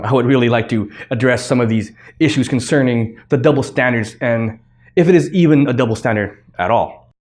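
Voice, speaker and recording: A man's voice: mid-range voice, darkish tone. A man hosting his own podcast, rambling bluntly through a casual solo commentary with offhand swearing. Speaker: podcast host.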